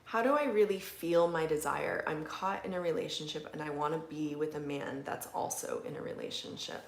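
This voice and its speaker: A woman with a slightly low voice talks casually to her livestream viewers. She is relaxed and chatty, scattering "like"s and soft laughs through her speech as she reads comments aloud. Her voice carries a roomy echo from her home. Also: brisk, gravelly, a little hiss or hum. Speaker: livestream host, manifestation coach. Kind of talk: casual live-stream chat reading viewer comments. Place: indoors at home.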